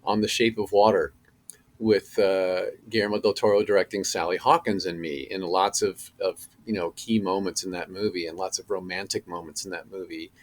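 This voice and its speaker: A middle-aged man speaks as a podcast guest, his voice sitting a little low. He tells his stories with many fillers and restarts and grows animated at the punchlines. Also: moderate pace. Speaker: actor guest. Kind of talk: casual podcast interview.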